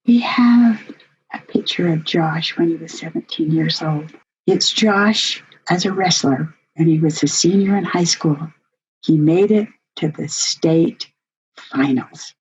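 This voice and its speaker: A woman's voice: low voice, takes it slowly, slight background noise. An older woman, a grandmother, telling a personal family story in an earnest, heartfelt way as a workshop presenter. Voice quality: husky. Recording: dull lo-fi recording.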